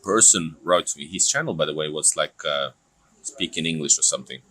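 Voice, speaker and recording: Very deep-voiced man with a Russian accent. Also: brisk, husky. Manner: rambling, animated storytelling with restarts. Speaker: host. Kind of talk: casual chat.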